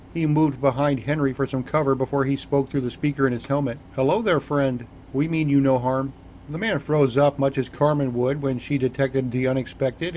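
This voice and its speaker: A man narrating an audiobook in an even, measured reading style. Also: mid-range voice, a little hiss or hum. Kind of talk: scripted narration.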